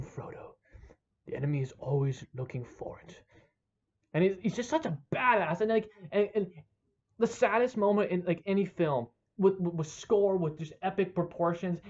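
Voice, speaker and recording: A man's voice: a little high, a little mellow. A man hosting a gaming channel, talking in a casual, enthusiastic monologue that rambles, swears and is full of restarts. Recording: dull lo-fi recording.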